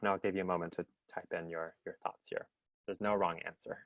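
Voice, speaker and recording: A man's voice: sits low, little pitch movement, fast talker, no echo. Upbeat man presenting a video-call workshop. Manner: upbeat, chatty, checks in with "right?" and "okay?". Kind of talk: interactive online workshop teaching.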